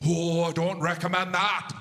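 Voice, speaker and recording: Brief: a man playing a deadpan, matter-of-fact male sound tech, raised pitch. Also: moderate pace, creaky.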